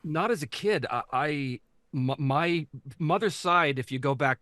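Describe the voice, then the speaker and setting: A man from Canada, a voice actor guest, telling stories in casual interview chat with lively delivery. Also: fairly high pitch, a little slow, dry recording. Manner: animated storyteller, slips into character voices.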